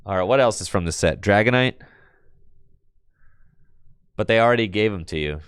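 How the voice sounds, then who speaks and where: A man with a low, smooth voice that jumps all over as he gets excited, chatting with his stream viewers in slang. He laughs and riffs while playing, heard up close on a dry desk mic. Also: moderate pace, dry recording. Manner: excitable, slangy, talks to chat, bursts of laughter. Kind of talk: casual live-stream chat while playing a card game.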